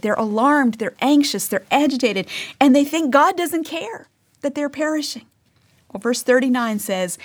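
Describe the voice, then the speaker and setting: A woman giving a devotional Bible teaching, earnest, reading passages aloud and dropping to a hush for emphasis. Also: medium pitch.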